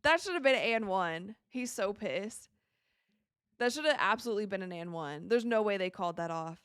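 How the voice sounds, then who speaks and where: A woman's voice: mid-range voice, lively intonation, normal speed, clean tone, dry recording, clean studio sound. A young woman hosting a live watch stream, chatting casually and reacting to the plays as they happen. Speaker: livestream host.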